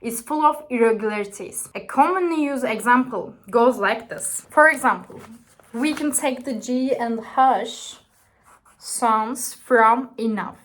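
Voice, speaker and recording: A woman's voice: fairly high pitch, unhurried, a bit bright. A woman with a Turkish accent, whose first language is Turkish, narrating a scripted explainer carefully and earnestly, with some non-native phrasing. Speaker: educational video creator.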